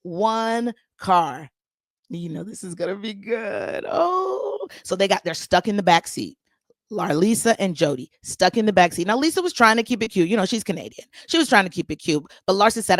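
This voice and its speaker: A woman's voice: medium pitch, sing-song, moderate pace, dry recording, studio quality. A young woman recapping reality TV drama in a sassy, dramatic gossip style, acting out what people said. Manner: sassy, dramatic, acts out quotes in voices.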